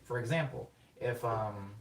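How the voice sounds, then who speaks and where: A man's voice: medium pitch, measured pace. Rambling man live-streaming music production. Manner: rambling, excitable, self-interrupting, sings words on the beat. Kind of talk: casual live-stream explanation. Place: home studio during a live production stream. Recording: roomy room sound, mic at a distance, faint music.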